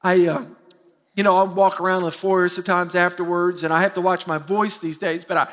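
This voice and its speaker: A middle-aged man preaching a sermon as pastor, lively and self-mocking, calling on the congregation to answer. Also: sits high, fairly quick. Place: church sanctuary. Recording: long hall reverb.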